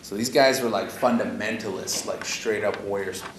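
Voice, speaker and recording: A man's voice: lowish voice, fairly even intonation, normal speed. A man from Canada leading a workshop, telling stories in a folksy, conversational way with a lot of "eh?" and "you know?". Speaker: workshop facilitator. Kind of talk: storytelling in a workshop talk. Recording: echoey room with audible noise.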